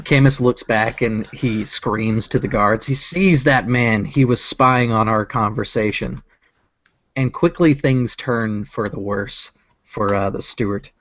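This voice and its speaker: A man narrating as game master of a tabletop game, relaxed and halting, with many fillers. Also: medium pitch, no room sound, lo-fi sound.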